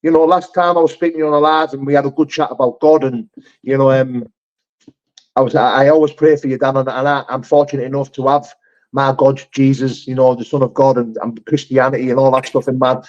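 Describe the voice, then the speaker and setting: A man rattles along at a quick clip, hosting a live chat. He is heartfelt and sweary and often restarts his sentences. The stream audio is dull and lo-fi. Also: mid-range voice, level tone, a little mellow.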